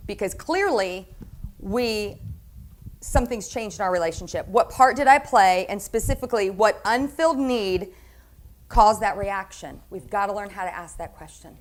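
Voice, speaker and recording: A woman's voice: medium pitch, moderate pace, a little hiss or hum. A middle-aged woman pastor preaching a sermon in a church, candid and confessional, often asking the congregation questions. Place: church sanctuary.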